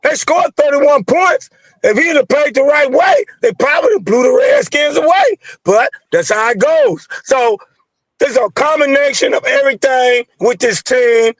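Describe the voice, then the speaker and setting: A caller to a sports show rants about football in a heated, slangy rush, his very high-pitched voice fed up, fired up, angry, and repetitive, with big pitch swings. He talks a little slowly with a bit of brightness, and the sound is dry and close with no room around it.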